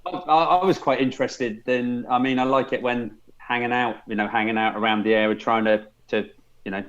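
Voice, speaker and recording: A man's voice: medium pitch, steady tone, fairly quick, fairly bright tone. A man, a podcast guest, rambling through anecdotes with many restarts. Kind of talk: casual chat. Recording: dull lo-fi sound.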